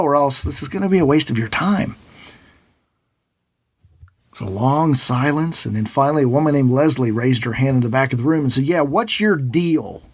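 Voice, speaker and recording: A middle-aged man, a financial planner, telling a personal story in a conversational, animated way. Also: medium pitch. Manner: animated storyteller who acts out quoted voices.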